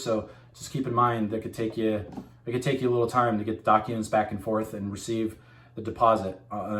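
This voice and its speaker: A man's voice: fairly low pitch, a bit bright, echoey room. A man working as a machine tool sales rep gives a casual, candid update to camera. He rambles and often corrects himself.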